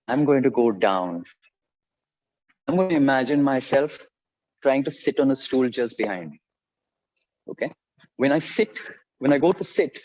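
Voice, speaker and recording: A man leading a live fitness class, giving clear instructions and counting repetitions aloud in an encouraging, direct way. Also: mid-range voice, a little mellow, dull audio.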